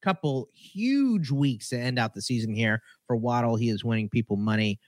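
A man's voice: medium pitch, expressive, moderate pace, dry recording. A man co-hosting a fantasy football podcast, teasing his partner and delivering punny headlines. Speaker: podcast co-host. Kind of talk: casual sports podcast banter.

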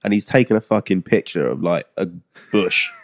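A man's voice: deep voice, animated, fairly quick. A young man co-hosting a podcast, blunt and jokey, often laughing. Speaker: podcast co-host. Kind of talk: casual chat.

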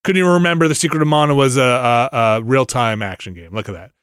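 A middle-aged man rambling through a casual podcast chat, full of restarts and filler words. His voice sits at a middle pitch and is recorded dry and close, with no room sound. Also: very animated, quick pace, no echo. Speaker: podcast co-host. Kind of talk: casual chat about video games.

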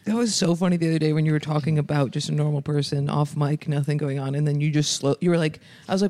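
A young adult woman comedian in casual podcast banter, brash and quick to tease. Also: low voice, steady tone, dark tone, no echo.

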